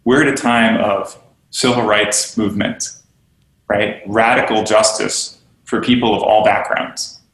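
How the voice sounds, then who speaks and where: Unhurried and slightly bright, this man's lowish voice keeps a fairly even intonation. Interviewed on a podcast as a yoga studio owner and teacher trainer, he speaks earnestly and animatedly about teaching and belonging, often voicing the people he quotes, in a room with noticeable echo.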